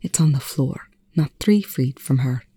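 A reader voicing a tense, sharp-tongued male scientist who speaks in a breathy, hollow whisper. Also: mid-range voice, lively intonation, a little slow. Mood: shaken.

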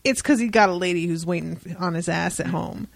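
A woman's voice: on the low side, fairly quick, vocal fry. A young woman co-hosting a casual podcast, retelling a comic story with wry, profane asides and quoted voices. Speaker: podcast co-host. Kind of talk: casual book-club chat.

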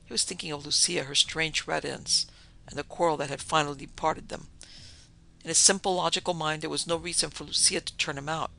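A man narrating a dark tale in a vivid, dramatic storybook reading. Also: fairly high pitch, steady tone, fairly quick, vocal fry.

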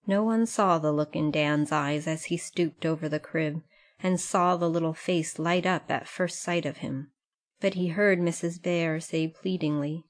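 Calm woman narrating a classic novel. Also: lowish voice, unhurried. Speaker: audiobook narrator. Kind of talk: scripted narration.

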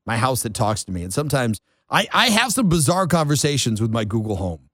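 Playful, lively-voiced male radio host. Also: medium pitch, fairly quick, no echo, clean studio sound. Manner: rambling, playful, self-mocking. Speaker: radio talk show host. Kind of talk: casual morning radio chat. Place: radio studio. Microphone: studio mic.

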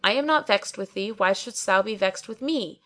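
A woman's voice: mid-range voice, expressive, moderate pace, lightly acted. A woman voicing a garrulous, pompous old male barber who talks on and on, full of pious sayings. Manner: long-winded, pious, quoting sayings.

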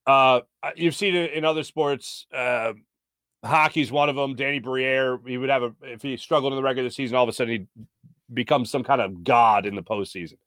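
A man from the United States hosts a sports talk show, chatting casually with lots of fillers while reading viewer comments. His mid-range voice holds a steady, fairly bright tone at a slightly fast pace, in a dry, clean studio recording.

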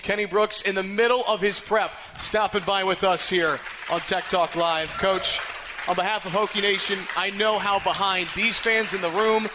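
A man hosting a live radio sports show, talking in a brisk broadcaster delivery from a bar. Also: high voice, background noise.

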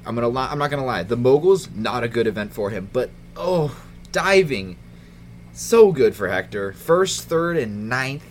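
A man, the fantasy league commissioner on a casual podcast, chatty and quick to laugh as he runs through the standings. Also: mid-range voice, very animated, slight background noise.

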